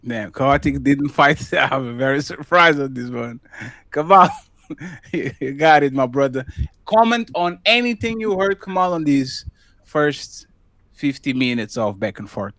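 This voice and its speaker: A man's voice: medium pitch, expressive, measured pace, a bit bright, dry recording. A man hosting a casual online debate panel, laughing easily and joking with the guests. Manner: laughing, easygoing banter. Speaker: debate stream host.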